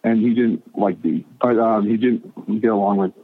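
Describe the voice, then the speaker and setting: A man's voice: lowish voice, normal speed, no room sound. A middle-aged man rambles through a long story, stumbling over restarts and acting out what people said. His voice comes down a thin, tinny phone line into a dry, close sound. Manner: rambling, stammering restarts, animated retelling of quotes. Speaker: guest. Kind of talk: casual storytelling.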